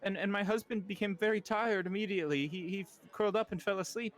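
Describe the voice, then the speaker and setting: A man voicing a frightened, tearful young noblewoman who pleads and stammers in a high voice. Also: fairly even intonation, quick pace.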